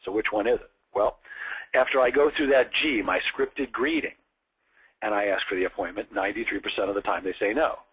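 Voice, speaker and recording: A man's voice: fairly low pitch, brisk, a bit bright, husky, poor audio. A man coaching a student on phone sales scripts, explaining step by step with direct examples. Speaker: sales trainer.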